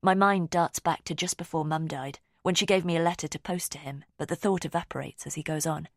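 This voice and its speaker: A woman narrating a thriller audiobook in the first person, measured and even. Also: low-pitched, no room sound, clean studio sound.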